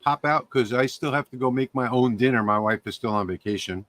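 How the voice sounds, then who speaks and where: A man chatting casually as a guest on a live stream, relaxed and joking. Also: medium pitch, brisk.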